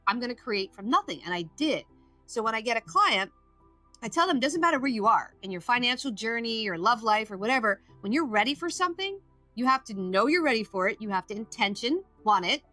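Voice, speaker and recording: Bright, emphatic woman telling her story. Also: a little high, a little fast, dry recording, faint music behind. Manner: emphatic, animated, acts out quoted voices. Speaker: guest, addiction recovery coach. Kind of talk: podcast interview storytelling.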